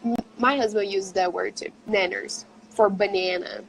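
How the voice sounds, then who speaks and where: A woman's voice: mid-range voice, steady tone, normal speed, gravelly, poor audio. A Brazilian-born woman, a native Portuguese speaker and English teacher, chatting in an interview and laughing often. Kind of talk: casual interview chat.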